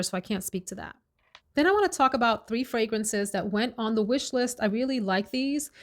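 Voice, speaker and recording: A woman chatting casually in a fragrance review vlog, enthusiastic and talkative, dwelling on each scent note. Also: mid-range voice. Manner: chatty, enthusiastic, lists scent notes slowly.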